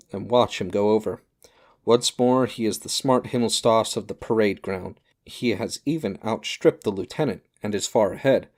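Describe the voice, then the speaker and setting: Low-voiced man reading a grave novel. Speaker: audiobook reader. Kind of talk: solemn audiobook narration.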